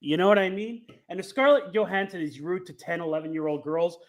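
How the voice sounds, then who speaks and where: A man's voice: high voice, fairly quick. A man co-hosting a podcast, chatting casually about movies and often checking in with "you know what I mean". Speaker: podcast co-host.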